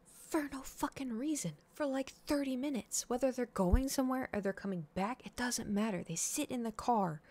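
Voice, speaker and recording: A woman in her thirties telling a story to her stream viewers in a casual chat, animated and full of swearing, acting out her own reactions. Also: on the high side, normal speed. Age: 30s. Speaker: livestreamer.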